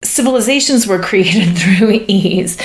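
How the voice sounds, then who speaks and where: A woman hosting a session in which she relays channeled spirit messages, speaking in a halting, searching way and laughing often. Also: medium pitch, expressive. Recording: echoey room.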